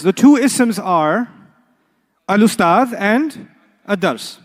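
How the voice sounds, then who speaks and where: A man teaching an Arabic class to a live audience, playful, often repeating sounds and quizzing the room. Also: sits high. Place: lecture hall with a live class. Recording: lecture hall reverb.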